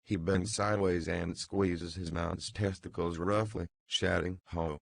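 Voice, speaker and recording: Deep gravelly male audiobook narrator. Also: fairly even intonation, unhurried, no echo.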